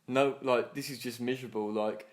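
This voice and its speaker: A man's voice: medium pitch, steady tone, fairly quick. A man in his twenties, a podcast co-host, telling a long story in a rambling, sweary way and acting out the people in it. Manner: acts out other people's lines in his retelling. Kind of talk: casual storytelling chat.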